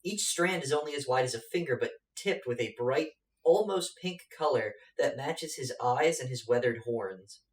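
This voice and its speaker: A man narrating a tabletop game as game master, halting with lots of fillers. His voice rings off a roomy space. He sits some distance from the mic. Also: mid-range voice, expressive. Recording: echoey room, off-mic.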